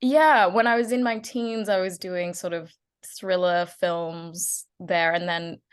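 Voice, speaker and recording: A woman's voice: lowish voice, steady tone, slow, smooth. A woman in her twenties from Australia with an Australian accent, chatting as a guest actress and laughing often. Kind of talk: casual interview chat.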